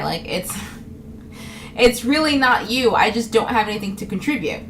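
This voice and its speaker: With a higher, lively voice at a moderate pace, a young New York vlogger jokes to camera in a casual monologue. She's bright-toned and chatty, laughs frequently, and acts out others' lines, with a little hiss or hum in the recording.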